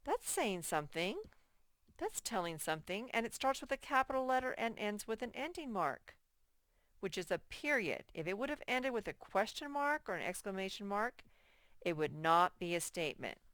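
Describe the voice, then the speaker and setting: A woman teaching a first-grade workbook lesson in a slow, patient way, repeating key points and reading example sentences aloud very slowly. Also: mid-range voice, big pitch swings, fairly bright tone, dry recording, studio quality. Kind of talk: recorded workbook lesson for children.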